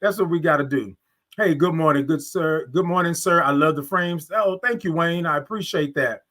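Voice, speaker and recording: A man's voice: on the high side, moderate pace, a bit bright. A man with a Southern US accent hosting a casual live stream, cheerfully greeting viewers by name and stretching out his good mornings. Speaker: live show host.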